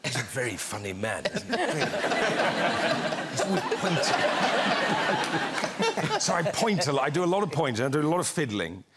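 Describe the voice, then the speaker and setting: A man who is an actor tells a chat show anecdote in a halting way, repeating words and laughing often. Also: medium pitch, sing-song, heavy background noise. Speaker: actor guest. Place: TV studio.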